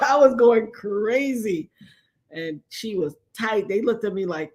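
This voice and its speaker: A middle-aged woman hosting a livestream, chatting casually and telling animated stories while acting out the voices she quotes. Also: sits high, moderate pace. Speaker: livestream host. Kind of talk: casual storytelling chat.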